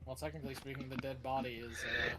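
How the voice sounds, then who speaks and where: A man's voice: mid-range voice, fairly even intonation, fast talker, a crowd in the background, rough recording. A man playing a tabletop game with friends, joking and swearing freely as he talks. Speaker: player. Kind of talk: casual tabletop game chat.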